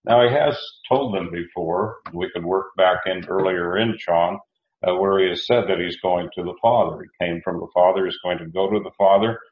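A man's voice: low-pitched, normal speed. A man preaching a Bible lesson in a plain, folksy way, stopping to correct himself and to explain Greek verb forms. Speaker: preacher teaching scripture. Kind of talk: Bible teaching sermon. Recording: dull roomy recording.

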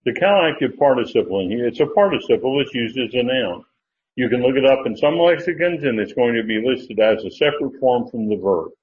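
A man's voice: mid-range voice, expressive, a little fast. A man teaching a Bible study lesson in a casual, thinking-aloud way, checking his sources as he goes. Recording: dull lo-fi recording with faint noise.

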